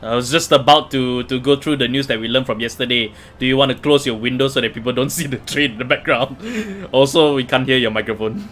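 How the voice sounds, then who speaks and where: A man's voice: mid-range voice, steady tone, quick pace, hardly any pauses, fairly bright tone, a little hiss or hum. A man hosting a casual card game livestream, chatty, with many fillers and restarts. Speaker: livestream host.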